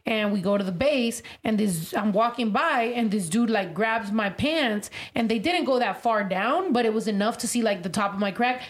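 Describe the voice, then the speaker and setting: A woman from San Diego telling stories in casual chat, swearing freely and acting out quotes. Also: fairly high pitch. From San Diego, California. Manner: profane, animated storytelling with acted quotes.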